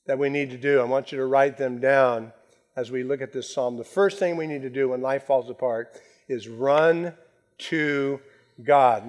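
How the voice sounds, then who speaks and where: A man preaching a sermon, slowing down to stress his key phrases. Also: medium pitch, darkish tone. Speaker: pastor.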